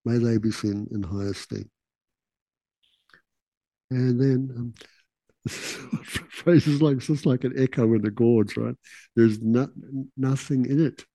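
A man talks in an easygoing, chatty teaching style, now and then acting out what other people say. His tone is mellow and dark. The sound is close and dry, with no room echo. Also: mid-range voice, takes it slowly, long pauses. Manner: relaxed, laughing asides, acts out quotes. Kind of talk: casual teaching talk.

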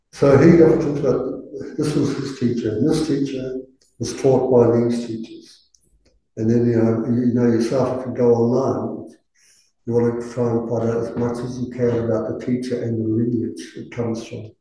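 A man's voice: medium pitch, mellow, a little hiss or hum. Man teaching in a roomy hall. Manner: chatty, rambling, many fillers and tag questions. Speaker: dharma teacher. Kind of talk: informal talk to a class. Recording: roomy, distant room mic.

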